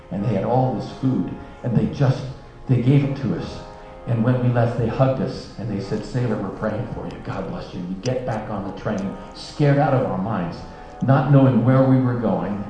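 A man telling a long story as part of a sermon, earnest and dropping to a hush at the most moving points. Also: lowish voice. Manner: earnest storyteller, softening to a hush at emotional peaks. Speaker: speaker. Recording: dull echoey hall with music.

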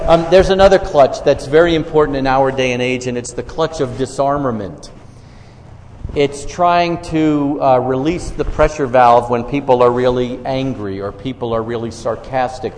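A man's voice: mid-range voice, normal speed, darkish tone. New York man giving a talk in a hall. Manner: self-deprecating, storytelling with quoted dialogue. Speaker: speaker on faith conversations. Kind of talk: talk to a live audience. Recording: long hall reverb, faint room noise.

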